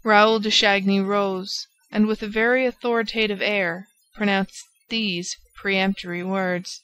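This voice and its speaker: A woman narrating a classic novel as an audiobook in a steady, even manner. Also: mid-range voice, unhurried, few pauses, low-quality recording. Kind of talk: scripted narration.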